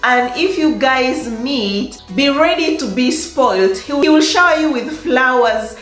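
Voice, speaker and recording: A chatty woman with a high voice talks unhurriedly through dating advice for her viewers, often breaking into laughter and repeating words for emphasis. She sounds like she's in an echoey room with faint music in the background. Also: lively intonation, a little slow, a bit bright. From Africa. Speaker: vlogger giving dating advice. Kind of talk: casual advice monologue to viewers. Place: in Italy, in a room with echo.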